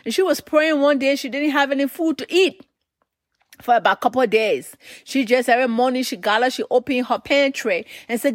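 A woman preaches with a high, bright voice. She tells stories and drives her points home by repeating them. The recording is dry and close, with no room sound. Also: brisk, no room sound. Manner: storytelling with emphatic repetition. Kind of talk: sermon.

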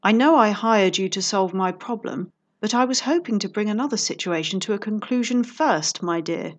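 A woman's voice: medium pitch, lively intonation, normal speed, natural voice. A woman voicing a burly male nobleman with a blustering, indignant manner. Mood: flustered.

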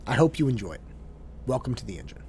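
A man's voice: medium pitch, sing-song, fast talker, music in the background. A man who works as a tutor, telling a story in an earnest monologue and often repeating his words as he goes.

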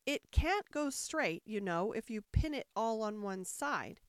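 Polite, curious young Alice, as a woman reader voices her, speaking gently and a touch timidly. Her voice is lifted slightly above the narration. It is recorded dry, with no room around it. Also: on the high side, sing-song, a little slow, smooth, no room sound. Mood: gentle.

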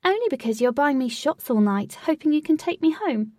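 A woman voicing a tiny flying woman who is a flirty, teasing party regular, with a husky, gravelly voice. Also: expressive, normal speed, no echo, studio quality, distant mic. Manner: brash, teasing, loud and high.

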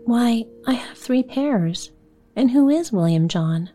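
A woman voicing an eager, excitable little girl in a storybook reading. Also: fairly high pitch, slow pace, soft background music, pitched above the performer's own voice.

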